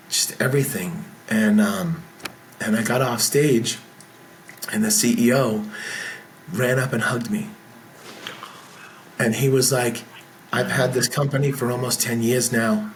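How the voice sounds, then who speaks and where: A man, a military veteran, telling stories as a podcast guest in a frank, animated way with casual swearing. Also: mid-range voice, slight background noise. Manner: animated storyteller who acts out dialogue. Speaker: podcast guest, business founder. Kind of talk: casual storytelling interview.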